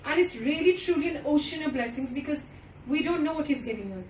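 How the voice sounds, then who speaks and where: High-voiced woman giving a devotional talk. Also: expressive, fast talker, a little mellow, slight background noise. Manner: earnest, mixes Hindi and Punjabi phrases. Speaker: satsang speaker. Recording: roomy, distant audience recording.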